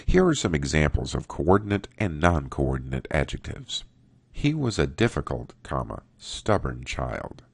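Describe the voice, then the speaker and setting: A man teaching a writing workshop, reading example sentences aloud in a slow, deliberate way. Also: a bass voice, sing-song, creaky, breathy edge, no echo. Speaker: writing instructor. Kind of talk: recorded grammar lesson.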